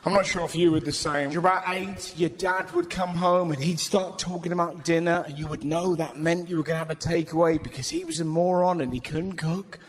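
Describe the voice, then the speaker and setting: A male stand-up comedian telling stories live, brisk and animated, swearing freely and slipping into character voices. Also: a little high. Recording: live show with audience noise. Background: audience laughter.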